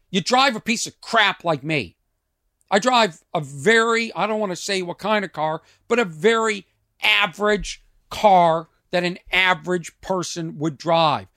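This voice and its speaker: High-pitched guy ranting on his podcast, rhetorical questions, dead dry room. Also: fairly bright tone, dry recording. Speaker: podcast host and comedian. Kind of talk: casual monologue. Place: trailer outside his home.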